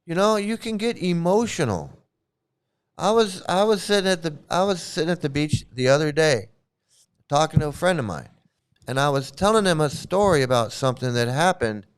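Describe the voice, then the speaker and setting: Male vlog host, fairly high smooth voice, loose rambling delivery with restarts, blunt and coarse. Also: expressive, moderate pace. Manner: rambling, repeats and restarts words; blunt and profane. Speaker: commentary channel host. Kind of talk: casual rambling commentary.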